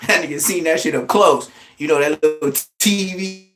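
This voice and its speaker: A man hosting a livestream, giving blunt, profane, trash-talking commentary in an excitable way. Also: fairly high pitch, moderate pace, over music. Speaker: livestream host.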